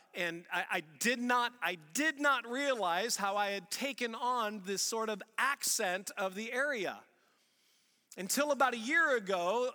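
A man's voice: high-pitched, pushed and bright, in a large hall. A male pastor from Missouri with a St. Louis accent, preaching in a conversational, storytelling way with restarts. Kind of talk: sermon.

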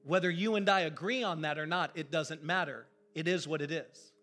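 A male pastor preaching a sermon in an animated, emphatic, conversational way. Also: fairly high pitch, moderate pace, soft background music.

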